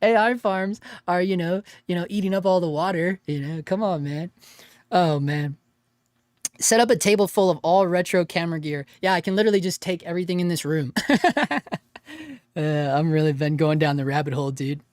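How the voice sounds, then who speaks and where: A man's voice: a little high, steady tone, a little fast, darkish tone, dry recording, studio quality. A man hosting a casual livestream, reading chat aloud in a laid-back way, laughing often and calling people dude and bro.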